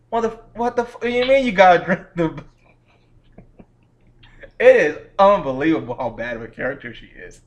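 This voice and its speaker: A man's voice: a little high, expressive, moderate pace, long pauses. A man giving a casual, profane, exasperated movie review rant and laughing at how bad the film is. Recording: dull lo-fi recording.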